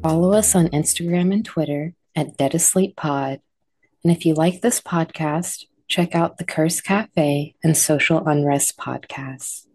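A woman narrates a sleep story in a calm, soft manner. Her voice is low and mellow, and she speaks very slowly. The recording is close and dry. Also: slightly rough, no room sound, soft background music. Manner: calm, soft, guiding relaxation. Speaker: podcast host and sleep guide.

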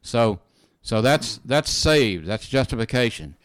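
A man's voice: mid-range voice, big pitch swings, unhurried, smooth, dry recording. Earnest man teaching scripture, dry sound. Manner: earnest, repeats phrases, frequent "you know" and "amen". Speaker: preacher teaching in a conversation. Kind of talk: informal Bible teaching.

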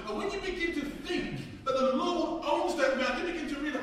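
A man preaching a sermon, moving between chatty storytelling and slow, emphatic declarations. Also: very high voice, expressive, a bit bright. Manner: conversational storytelling, then emphatic slow proclaiming. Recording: very echoey hall, from far off.

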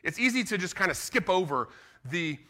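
A middle-aged man, preaching a sermon in an animated, conversational way and acting out what people say. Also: high voice, normal speed. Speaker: pastor.

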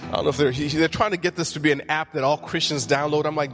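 A man's voice: on the high side, steady tone, fast talker, fairly bright tone, soft background music. A man, a pastor, preaching a sermon in church and telling funny stories with acted-out quotes. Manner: humorous storytelling, acts out quotes.

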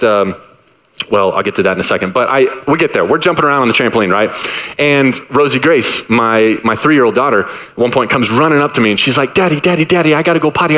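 Animated preacher man telling stories. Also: mid-range voice, rough recording. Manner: animated storytelling, acts out voices of his kids; casual, repeats words and restarts. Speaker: pastor. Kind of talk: sermon with personal anecdotes.

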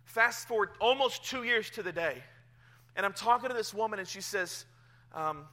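A male pastor, around his thirties, preaching a sermon in church, telling a personal story with swings from hushed to loud. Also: sits high, lively intonation, moderate pace. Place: church sanctuary.

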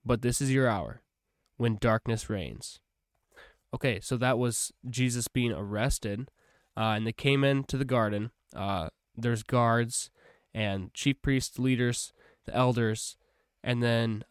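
A man's voice: medium pitch, clear, resonant tone, no room sound, clean studio sound. A young man hosting a podcast, reading Bible passages aloud and then chatting about them with fillers and self-corrections. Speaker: podcast host. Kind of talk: casual Bible reading and commentary.

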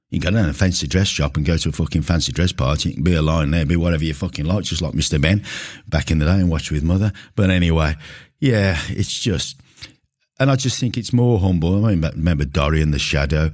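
His pitch is extremely low, he talks fast, and his voice is a little mellow. This middle-aged gym coach and podcast host rants casually to camera, blunt, indignant and sweary, into a close-range camera mic.

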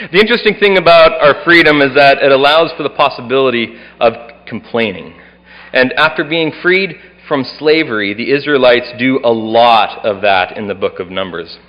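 A man's voice: medium pitch, animated, normal speed. A man preaching a Sunday sermon as pastor, earnestly reading scripture aloud with some expression. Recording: dull sound with long hall reverb.

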